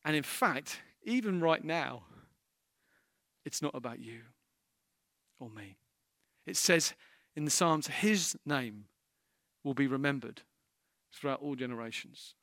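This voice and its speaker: A man's voice: mid-range voice, animated, slow, long pauses, fairly bright tone, no echo, clean studio sound. A man preaching a sermon as pastor, impassioned, building to emphatic peaks.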